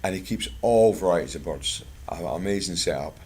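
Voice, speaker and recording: Husky low-voiced Scottish man. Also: animated, moderate pace, a little mellow. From Scotland. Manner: chatty, anecdotal, plain-spoken. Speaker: guest speaker at a bird club. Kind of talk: informal talk with product pitch and anecdotes.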